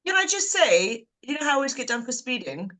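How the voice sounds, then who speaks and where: A woman's voice: high-pitched, big pitch swings, quick pace, a bit bright, poor audio. A woman leads a book group over a video call. She talks casually, laughs easily and keeps putting questions to the group.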